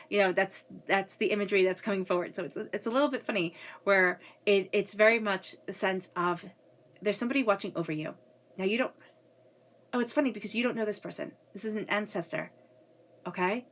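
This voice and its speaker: A woman coming down with a cold gives an earnest, casual spiritual reading. She repeats phrases for emphasis and keeps checking in with the listener. Her voice sits at an ordinary middle pitch for a woman. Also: brisk. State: getting a cold. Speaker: tarot reader.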